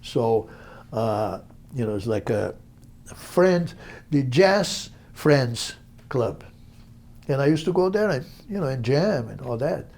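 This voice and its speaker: An older man from Brazil with a Brazilian accent, telling stories in an interview in an animated, halting way. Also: mid-range voice. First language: Portuguese. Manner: animated, halting, acts out voices in quotes. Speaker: interview guest, musician. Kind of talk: storytelling interview.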